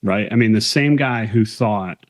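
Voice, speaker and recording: A low-pitched man talks openly about his path into naval aviation, recounting exchanges with lively emphasis. His delivery is conversational and unhurried in a relaxed interview. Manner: candid, conversational, retells quotes with emphasis. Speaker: guest, military aviator and author. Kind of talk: casual storytelling interview.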